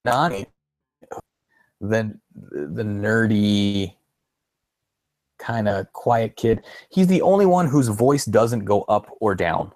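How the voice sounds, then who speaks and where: A man's voice: fairly low pitch, slow, long pauses, darkish tone, no echo. A man co-hosting a podcast in casual chat, rambling, restarting his sentences and chuckling often. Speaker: podcast co-host.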